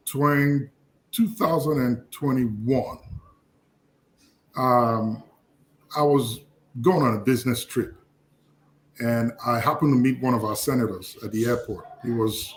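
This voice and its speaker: A man with a Nigerian accent, talking about politics and telling a story with quoted dialogue. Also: medium pitch. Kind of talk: political discussion.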